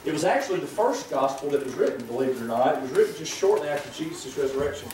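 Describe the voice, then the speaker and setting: A man preaching a sermon as pastor, reading scripture aloud in a measured, deliberate way with pauses, recorded in a church sanctuary. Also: medium pitch, expressive, a little mellow, a little hiss or hum. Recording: echoey church room from a distance.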